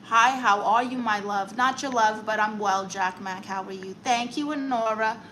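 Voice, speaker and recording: A woman's voice: medium pitch, normal speed, bright, forceful tone, a little hiss or hum, poor audio. A woman hosting a comedic live stream, chatting with viewers and reading their comments aloud in a playful, mock-serious way. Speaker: comedic livestream host.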